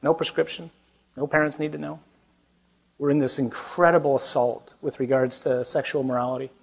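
This priest's voice is mid-range, gravelly and slightly rough, with a level tone and moderate pace. He gives a humorous, conversational sermon to a young crowd, poking fun at himself and asking them questions.

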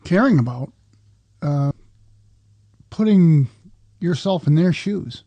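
A male guest in a casual conversation speaks thoughtfully and softly. His voice is somewhat high yet mellow, and the sound is dry and close. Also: expressive, slow, no echo.

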